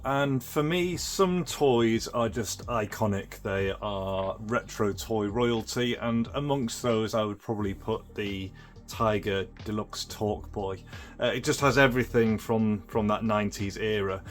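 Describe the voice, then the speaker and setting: Man, lowish voice, casual toy demo, rambling, lots of ums and restarts. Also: a little slow, soft background music. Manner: rambling, with many fillers and restarts. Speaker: retro toy restorer and channel host. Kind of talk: casual show-and-tell demo.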